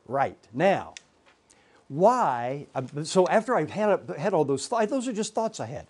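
A man's voice: on the high side, big pitch swings, unhurried, slightly rough. Emphatic man teaching Bible class. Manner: emphatic, repeats points, asks rhetorical questions.

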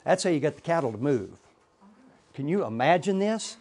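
Man, middle-aged, fairly high voice, teaches Bible class with emphatic repeats and rhetorical questions. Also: lively intonation, normal speed, darkish tone, breathy edge.

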